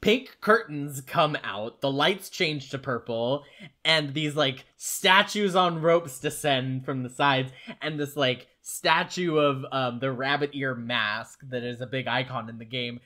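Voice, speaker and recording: A man co-hosting a casual podcast, a lively storyteller who laughs as he recaps scenes. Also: medium pitch, measured pace. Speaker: podcast co-host.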